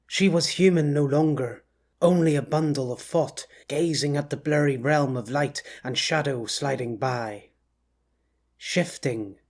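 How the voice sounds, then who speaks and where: A man reading an audiobook as narrator in a measured, intense style. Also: medium pitch.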